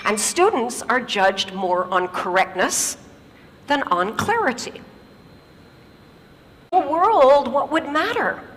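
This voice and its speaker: A woman's voice: high-pitched, big pitch swings, slow, pauses often, a bit bright, in a large hall, rough recording. A woman giving a stage talk. She tells stories emphatically and uses rhetorical questions and repetition.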